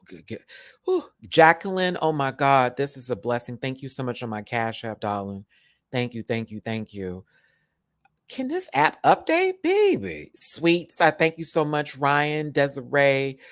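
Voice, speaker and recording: A man with a Southern US accent chatting casually on a livestream from a hotel room, animated and full of terms of endearment. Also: medium pitch, unhurried, clean tone, dry recording, studio quality. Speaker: YouTube host.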